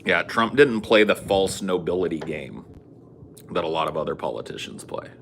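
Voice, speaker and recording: A man with a low, deep voice talks bluntly and profanely in a casual stream chat. His tone has a bright, forceful edge, with faint noise behind him. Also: animated, moderate pace, creaky. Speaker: podcast host.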